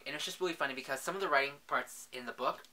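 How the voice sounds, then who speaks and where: A man's voice: medium pitch, racing, bright, forceful tone. A young man in a casual book vlog, talking in a chatty, gushing way and often saying "literally". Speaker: book vlogger.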